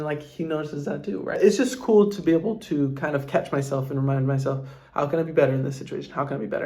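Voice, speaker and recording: A man's voice: fairly high pitch, darkish tone. A young man and father answering viewer questions in a casual vlog, earnest and heartfelt, rambling with lots of fillers. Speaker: vlogger and father.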